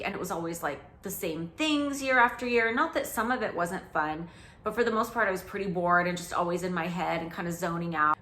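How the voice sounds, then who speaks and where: A woman's voice: medium pitch, a bit bright, reverberant. A woman in her forties chatting candidly through a reaction commentary, self-mocking, with lots of "like". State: out of breath. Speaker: host reacting to her old TV show. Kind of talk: casual commentary vlog.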